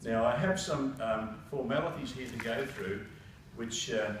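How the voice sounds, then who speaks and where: A man's voice: mid-range voice, a little slow, heavy background noise. A man presiding over a citizenship ceremony, giving a formal speech and reading with frequent hesitations. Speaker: council presiding officer. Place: council meeting room. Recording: echoey council chamber from far off.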